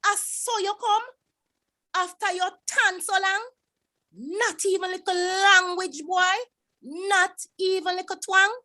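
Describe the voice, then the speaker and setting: A woman reciting a dialect poem as a proud, exasperated Jamaican mother scolding her son, in a sharp, reproachful voice. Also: extremely high pitch, steady tone, slow, voice pushed up, exaggerated voice.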